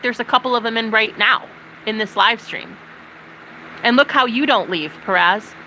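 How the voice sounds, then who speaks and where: Swearing streamer lady ranting at chat, bright forceful voice. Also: mid-range voice, a little hiss or hum, poor audio. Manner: profane, animated ranting to chat. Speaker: livestreamer. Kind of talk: casual livestream chat.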